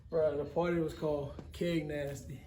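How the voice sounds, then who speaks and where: A man's voice: on the high side, normal speed, roomy sound, slight background noise. Slangy young man telling wild stories. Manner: animated storyteller, slangy, says "bro" often. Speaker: event promoter, guest. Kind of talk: casual interview chat.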